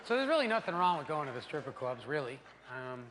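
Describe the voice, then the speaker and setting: A man doing a stand-up routine, animated and crude, acting out voices for his punchlines on a live stage. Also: fairly high pitch, quick pace. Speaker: stand-up comedian. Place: theater stage before a laughing audience. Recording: live stage with long reverb and loud noise.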